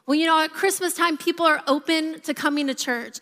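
A woman in her thirties, a pastor giving a sermon and telling stories with a lively, varying pace. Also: sits high, fairly quick. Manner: lively storytelling, varied pace. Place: church auditorium. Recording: reverberant church hall.

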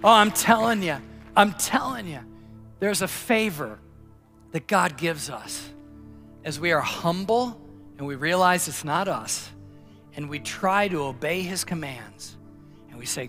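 A male pastor preaching a sermon, telling a story and then closing in prayer, rising loud for emphasis and dropping soft when he prays. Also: on the high side, lively intonation, a little slow, long pauses, soft background music.

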